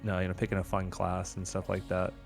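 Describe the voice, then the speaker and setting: Male co-host, lowish voice, hesitant, filler-heavy explainer. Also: monotone, quick pace, vocal fry, soft background music. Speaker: podcast co-host. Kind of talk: casual chat.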